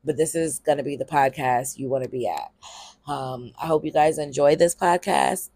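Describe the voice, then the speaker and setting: A woman's voice: deep voice, normal speed, warm tone, no echo. A woman from Pennsylvania, a comedian hosting her own podcast, talking candidly in a loose, rambling way, full of ums and casual cursing. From Harrisburg, Pennsylvania, US. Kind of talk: casual solo podcast monologue.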